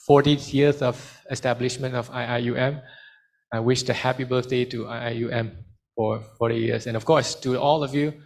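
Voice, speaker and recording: Man, seminar speaker, mid pitch, lively talk, mixes in Malay. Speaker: study skills speaker.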